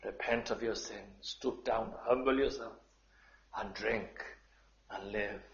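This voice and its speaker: A man delivers a sermon at an unhurried, deliberate pace, often dropping his voice low before rising into fervent appeals. The sound is roomy and a little dull, as if taped in a church. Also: steady tone. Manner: slow and measured, building to fervent appeals. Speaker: preacher.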